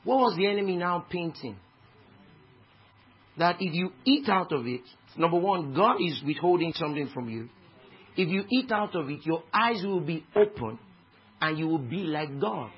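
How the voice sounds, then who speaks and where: Nigerian male preacher, high voice, fiery delivery that drops to a hush and rises to shouts, dull lo-fi recording. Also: expressive, normal speed, breathy edge. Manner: impassioned, swinging from hushed to shouting. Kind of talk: sermon. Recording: dull lo-fi recording with faint noise.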